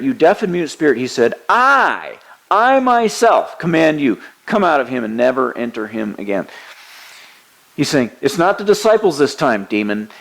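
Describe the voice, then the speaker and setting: A man's voice: medium pitch, low-quality recording. A man preaching a sermon, teaching earnestly and quoting scripture with emphasis. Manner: frequent hesitations and restarts.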